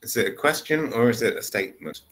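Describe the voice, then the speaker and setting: This English tutor's voice is medium-pitched, fairly bright, expressive, and fast. Over a video call, he patiently guides a single student through the material step by step.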